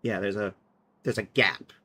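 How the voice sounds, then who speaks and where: A woman's voice: rumbling low, fairly even intonation, measured pace, fairly bright tone. A woman casually chatting and thinking aloud while she plays a game on a live stream, sometimes mocking herself. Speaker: livestreamer.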